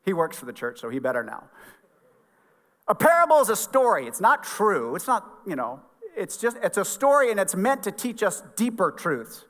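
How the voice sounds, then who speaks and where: A man's voice: high voice, big pitch swings, moderate pace, a bit bright, in a large hall. A middle-aged man, a pastor, giving an earnest, conversational sermon in a church sanctuary.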